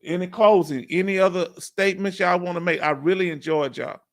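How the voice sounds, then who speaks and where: A man hosting a live stream, chatting casually and asking viewers questions with drawn-out emphasis. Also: sits high, steady tone.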